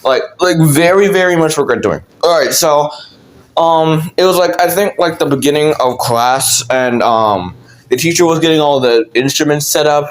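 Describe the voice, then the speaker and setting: A man's voice: fairly high pitch, normal speed. A young man telling a childhood story in casual, rambling storytelling, with lots of fillers and swearing.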